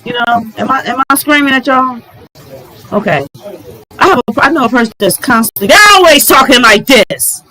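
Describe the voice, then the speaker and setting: A middle-aged woman giving relationship advice in a casual, animated vlog, exclaiming and talking straight to her viewers. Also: high voice, moderate pace, poor audio. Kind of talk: casual advice talk to camera.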